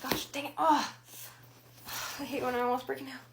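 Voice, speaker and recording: A young woman vlogging as she unboxes a jewelry jar, gushing and exclaiming excitedly. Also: high voice, rapid-fire. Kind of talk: casual unboxing vlog. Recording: loud crinkling packaging noise. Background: crinkling, tearing packing material.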